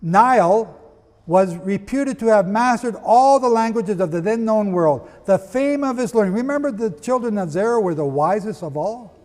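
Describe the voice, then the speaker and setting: Expressive and speaking at a normal speed, this Bible teacher has a high voice with a darkish tone. His sermon takes a lecture style as he reads quotations and asks the audience questions, with long hall reverb on the recording.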